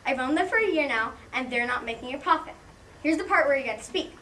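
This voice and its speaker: A woman's voice: sits high, expressive, fast talker, bright, forceful tone. A woman playing a blustering, vain rich tycoon boss who barks orders, in an amateur stage play. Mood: bossy. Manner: barking, boastful, mocking. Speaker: stage actor. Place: theatre stage, heard from the audience. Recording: echoey hall from far off, faint noise.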